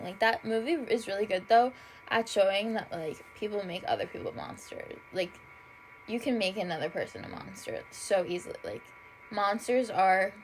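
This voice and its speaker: On a low-quality recording with some hiss or hum, a tired young woman with a medium-pitched voice hosts a solo podcast. Casual and rambling, she swears freely, fills nearly every phrase with "like," and gushes dramatically, which she herself acknowledges.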